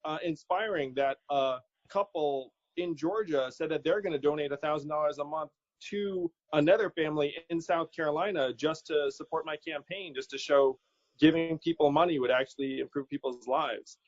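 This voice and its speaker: A man's voice: a little high, normal speed, dry recording. A man being interviewed as a political candidate, talking casually and animatedly, quoting people in his stories and laughing easily. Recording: dull lo-fi audio.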